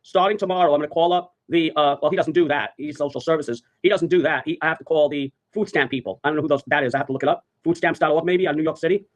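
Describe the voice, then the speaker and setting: A man's voice: on the high side, racing, few pauses. A man telling a story on a livestream, rambling and profane, repeating his phrases over and over. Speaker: live streamer.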